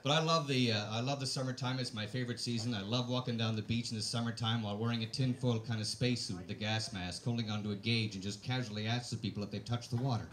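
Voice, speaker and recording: A man doing a stand-up comedy set, deadpan and hesitant, full of "uh" fillers. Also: medium pitch, fast, few pauses, a little hiss or hum.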